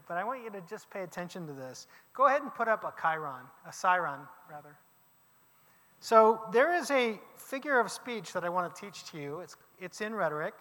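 Bright, high-voiced male teacher, animated classroom lecture with reverb. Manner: lively, questions the class, emphatic exclamations.

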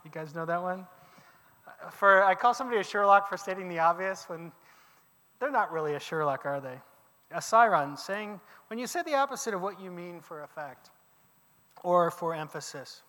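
Bright, high-voiced male teacher, animated classroom lecture with reverb. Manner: lively, questions the class, emphatic exclamations.

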